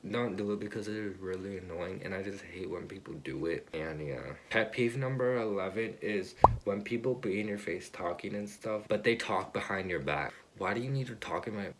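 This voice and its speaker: A teenage boy with a deep, low-pitched voice rants casually to his camera, sounding exasperated and circling back over the same points. He fills his talk with "like", and a faint hiss sits under the voice. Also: normal speed, few pauses. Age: teens. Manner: exasperated, repetitive, fillers of "like". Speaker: vlogger.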